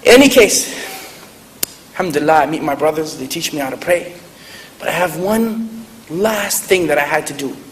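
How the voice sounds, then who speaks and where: A man's voice: fairly high pitch, lively intonation, moderate pace, pauses often, fairly bright tone. A man giving an earnest sermon-style talk to a live audience, telling stories and laughing at himself. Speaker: convert speaker. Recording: echoey hall, faint noise.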